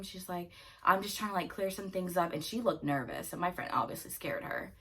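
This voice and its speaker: A young woman in her twenties telling a story in a chatty, animated way, often laughing. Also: lowish voice, a little fast, husky. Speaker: vlogger. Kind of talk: casual storytime chat.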